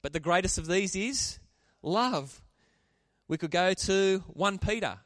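A man preaching a sermon, animated and calling out to the congregation for responses. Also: high-pitched, slow, no room sound, clean studio sound. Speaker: pastor.

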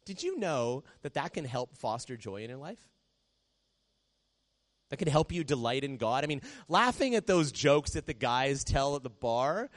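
A man preaching from the stage in a relaxed, talking style. His pitch sits at an ordinary middle level. When he acts out a prayer he drops into a quiet, gentle hush. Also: moderate pace. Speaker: pastor. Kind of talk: sermon.

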